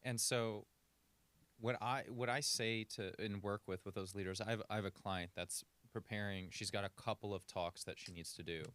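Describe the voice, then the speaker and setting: A man's voice: lowish voice, steady tone, moderate pace, fairly bright tone. A man working as a communication coach, giving practical advice in a podcast interview and shifting his pace to demonstrate. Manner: coaching, illustrative, varies speed for demonstration.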